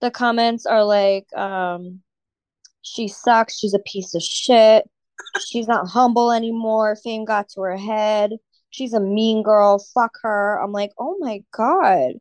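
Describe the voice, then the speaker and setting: A woman's voice: mid-range voice, steady tone, slow pace, darkish tone, clear, resonant tone, no echo. A woman co-hosting a casual podcast, upset after crying, venting with lots of swearing and fillers. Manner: emotional, swearing, filler-heavy. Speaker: podcast co-host. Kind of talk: casual chat.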